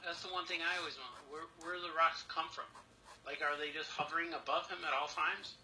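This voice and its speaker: A man's voice: on the high side, steady tone, fast talker, sharp tone, poor audio. A man co-hosting a live stream, chatting casually and eagerly about old cartoons he loved. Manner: enthusiastic, nostalgic cartoon fan. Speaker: co-host. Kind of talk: casual chat. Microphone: headphones.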